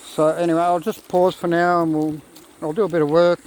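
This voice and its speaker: A slightly high, somewhat mellow male voice speaks fairly quickly with flat delivery on poor audio. The vlogger rambles into his phone camera by a creek, talking to his dogs, with faint outdoor background noise and nature sounds behind him.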